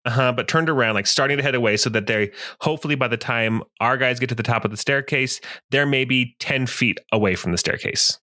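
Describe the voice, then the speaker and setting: A man's voice: medium pitch, fairly quick, hardly any pauses, sharp tone. A man playing a tabletop role-playing game, thinking aloud as he plans his character's moves. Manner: thoughtful, planning aloud. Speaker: player. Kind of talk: casual tabletop play.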